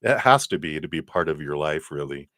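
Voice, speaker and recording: A man giving a live-streamed tarot reading in a chatty, animated way, laughing often as he tells stories. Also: a bass voice, fairly quick, no room sound, studio quality. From lives in Colorado. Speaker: tarot card reader.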